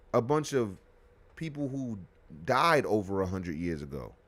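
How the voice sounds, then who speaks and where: A man hosting a live podcast, delivering a heated, profane, repetitive rant that swings from loud outbursts to low muttering. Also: no room sound. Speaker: podcast host.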